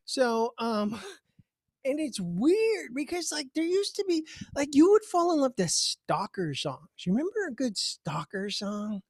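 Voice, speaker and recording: A man doing a stand-up comedy set from home over a video call, animated, jumping up in pitch for the voices he quotes. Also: moderate pace, soft background music. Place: home, virtual show.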